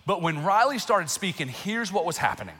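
High, bright-voiced preaching man. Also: fairly quick, slightly rough. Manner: emotional, animated preaching with laughs and outbursts. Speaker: pastor. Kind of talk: sermon. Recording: long reverb in a large hall.

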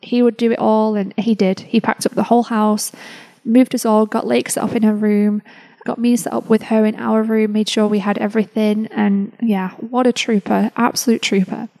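A woman podcast host telling a personal story in an emotional, halting way, with many restarts. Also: fairly high pitch, flat delivery, vocal fry, dark tone, rough recording.

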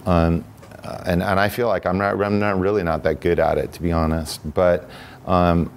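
A man with a very low, deep voice speaks as a guest on a podcast. He tells his stories reflectively and loosely, pausing on "you know" and circling back on his sentences. A faint hiss sits under the recording. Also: little pitch movement. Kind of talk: casual conversational storytelling.

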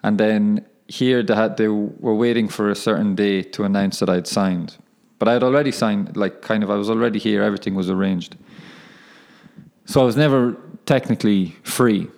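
A man's voice: fairly low pitch, steady tone, normal speed, gravelly, darkish tone. A young man hosting his own podcast, chatting casually in a rambling, self-correcting way and laughing at himself. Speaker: podcast host and professional footballer. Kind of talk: casual solo podcast monologue.

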